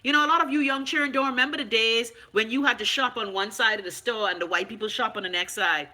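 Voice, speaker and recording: A Bahamian woman hosting a casual live stream, frank and animated, swearing freely and answering viewer comments. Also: fairly high pitch, quick pace. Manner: loud, animated, talks back to viewer comments.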